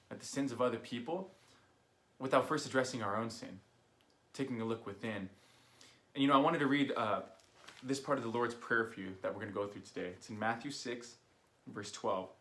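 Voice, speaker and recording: This young adult youth director has a medium-pitched, slightly bright voice. He recaps a sermon online in a relaxed storytelling way, using fillers and acting out the voices of people he quotes.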